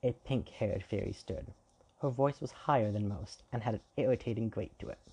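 Gravelly, low-voiced male storyteller. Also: moderate pace, dark tone. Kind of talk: scripted fairy-tale narration.

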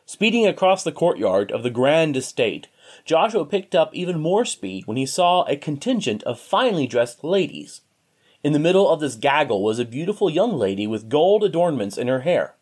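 Male narrator reading a storybook, expressive, slightly high voice with lively pitch. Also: moderate pace, slightly rough.

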